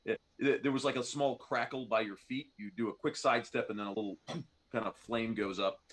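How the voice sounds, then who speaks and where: Relaxed male game master, mid-pitched, easygoing narration over a voice call. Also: brisk, husky. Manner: laid-back, laughs often, filler-heavy.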